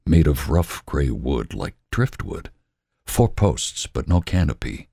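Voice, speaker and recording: Male reader for romance audiobook; deep, husky, slow and hushed. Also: no echo, studio quality. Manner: slow, hushed, often whispering. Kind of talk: scripted narration.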